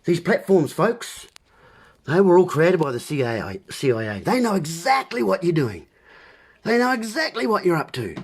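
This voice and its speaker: A man's voice: high voice, big pitch swings, moderate pace, breathy edge. A man delivering a rambling monologue as host, full of playful wordplay and talking straight to the listeners as folks.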